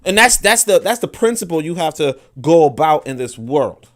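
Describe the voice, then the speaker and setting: A man talks through a casual podcast monologue. He is blunt and profane, and he often restarts and repeats words as he thinks aloud. His voice sits slightly high for a man. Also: big pitch swings, normal speed. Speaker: podcast host.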